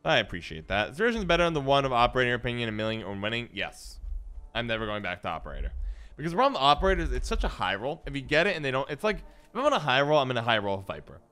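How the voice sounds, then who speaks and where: Animated, smooth-voiced male game streamer. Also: mid-range voice, very fast. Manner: playful, chatty, reads and answers chat aloud. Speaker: streamer playing a card game. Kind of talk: casual live-stream gameplay commentary.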